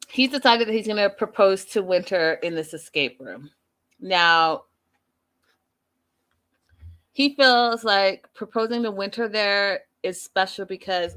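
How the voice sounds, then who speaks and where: A woman's voice: medium pitch, fairly bright tone. A woman hosting a reality show recap stream, chatting casually with her live audience and laughing often.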